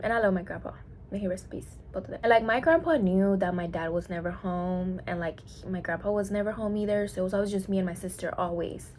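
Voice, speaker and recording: A woman's voice: medium pitch, a little mellow, a little hiss or hum. A young woman from Mexico telling a personal story in a casual vlog monologue, full of "like"s and acting out what people said. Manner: chatty, many "like"s, acts out quoted lines. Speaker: mukbang vlogger.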